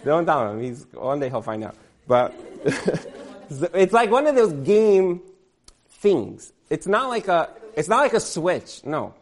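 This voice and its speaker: A man's voice: a little high, sing-song, a little slow. A man in his thirties telling a rambling comic story, full of fillers and laughing at himself.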